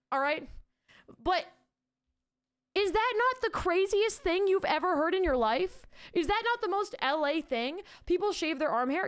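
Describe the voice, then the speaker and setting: Her voice is extremely high and animated, her pace unhurried. This young woman is streaming from home into a pop-filtered desk mic, casually chatting with viewers, reading chat out loud and cursing freely.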